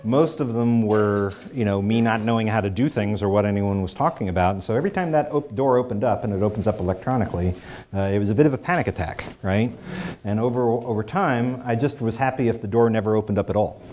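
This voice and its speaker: A man's voice: lowish voice, fast, a little mellow, slight background noise. A middle-aged man telling a personal story in a public talk, with wry, self-deprecating humor. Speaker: speaker.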